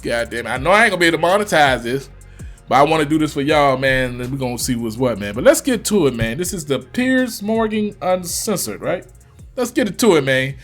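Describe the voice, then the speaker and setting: A man's voice: on the high side, big pitch swings, a little fast, faint music behind. A man with a Virginia accent giving loose, slangy reaction commentary, swearing freely. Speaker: reaction youtuber.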